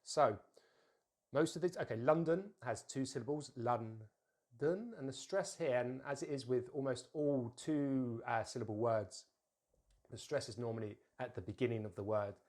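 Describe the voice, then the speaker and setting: A man teaches English pronunciation at an even middle pitch. He talks the learner through each example and says the model words slowly and deliberately, then repeats them. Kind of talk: pronunciation lesson.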